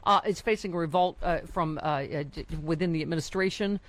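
A woman's voice: lowish voice, brisk. A woman hosting a casual talk show, playful and rambling, laughing often. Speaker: host. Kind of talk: casual chat.

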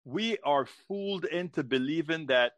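A man's voice: a little high, expressive, moderate pace, fairly bright tone, dry recording, dull audio. A man hosting a political talk show, speaking energetically and repeating words as he starts his sentences.

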